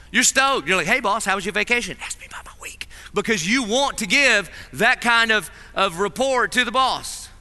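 A man preaching a sermon with a high, very bright and sharp tone, lively and theatrical as he acts out small scenes. His voice rings with the long reverb of a big chapel hall. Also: smooth. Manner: animated, acts out voices in stories.

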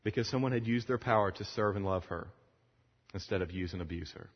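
A man preaching a sermon to fellow preachers, retelling a film scene with lively acted-out dialogue before closing in prayer. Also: on the low side, a little fast, slightly rough. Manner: animated storytelling, acting out the dialogue. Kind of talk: sermon to pastors. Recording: lo-fi sound in a long-echo hall.

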